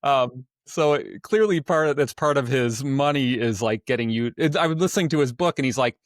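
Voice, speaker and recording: A man's voice: mid-range voice, fairly quick, no echo. Podcast cohost guy, chatty and loose, laughs often, dry sound. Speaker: podcast co-host. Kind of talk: casual podcast chat.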